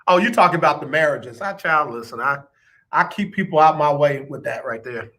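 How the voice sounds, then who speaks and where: Expressive and brisk, a male radio host jokes around and teases his listeners. His voice is a little high, bright, and forceful, and he talks directly to them like old friends in casual radio banter.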